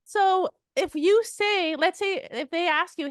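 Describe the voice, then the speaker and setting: A woman coaching a sales team in an energetic, emphatic way, acting out sample call lines. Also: very high-pitched, takes it slowly, no echo. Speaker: sales trainer.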